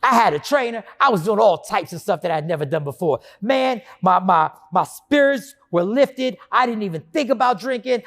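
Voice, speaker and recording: Animated man telling his own story. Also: high voice, normal speed, few pauses. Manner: animated, acts out his own past self and inner voices. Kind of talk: personal storytelling monologue.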